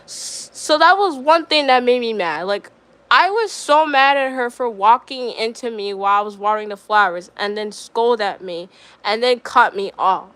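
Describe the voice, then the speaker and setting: A woman's voice: on the high side, animated, normal speed, fairly bright tone, dry recording. A young woman streamer telling a story in casual chat, rambling with lots of fillers and getting riled up.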